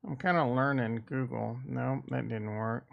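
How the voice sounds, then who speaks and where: A man from the Midwest talks slowly and loosely on a market livestream, with a gravelly, fry-edged voice. He rambles and thinks aloud, tossing in irreverent asides. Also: mid-range voice, fairly even intonation, lo-fi sound. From American Midwest. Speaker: crypto and stock market streamer. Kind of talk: casual livestream chat.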